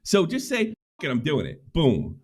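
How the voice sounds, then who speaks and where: A man's voice: wildly swooping pitch, moderate pace, a little hiss or hum. A middle-aged man ranting on a livestream, profane and heated. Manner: ranting, profane, swings pitch widely. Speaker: streamer.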